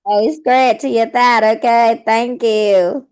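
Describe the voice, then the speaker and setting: A woman's voice: fairly high pitch, fairly even intonation, slow, a little mellow, clean tone. A woman, tutoring English over a video call and giving patient, corrective feedback. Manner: patient, corrective, repeats "okay?" often. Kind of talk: feedback in an online speaking lesson.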